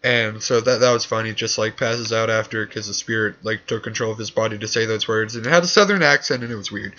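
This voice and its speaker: A man's voice: lowish voice, fast, pushed and bright. A young man talking casually and rambling, with lots of fillers and sarcastic asides, recorded on dull lo-fi gear. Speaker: vlogger recapping a TV episode.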